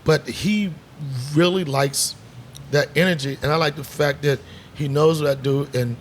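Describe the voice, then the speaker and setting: On a bar set, a middle-aged comedian guest spins stories at a moderate pace, his fairly high voice backed by a faint hiss or hum. He's an animated storyteller who impersonates voices and swears freely in relaxed chat.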